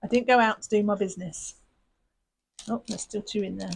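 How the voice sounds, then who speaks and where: A woman's voice: medium pitch, steady tone, fairly quick, creaky, a little hiss or hum, rough recording. A woman hosting a crafting channel, chatting in a rambling, self-mocking way while she sorts her supplies. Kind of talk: casual chat while sorting craft supplies.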